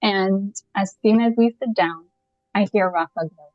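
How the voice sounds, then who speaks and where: A woman from Canada, a podcast guest, telling a personal story in a lively, casual way and laughing often as she goes. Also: mid-range voice, unhurried, no echo, lo-fi sound.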